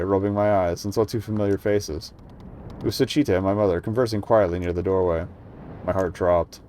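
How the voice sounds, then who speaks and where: A man's voice: low voice, warm tone, slight background noise. A man reading a story game's dialogue and narration aloud, stumbling and correcting himself now and then. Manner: reads plainly, small stumbles and self-corrections. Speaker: streamer reading a game demo aloud.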